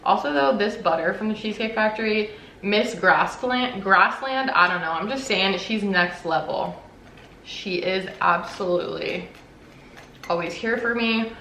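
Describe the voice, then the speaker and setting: A woman's voice: mid-range voice, normal speed, sharp tone. A young woman YouTuber chatting casually while she eats on camera for a mukbang, swearing now and then. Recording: roomy echo, faint background noise.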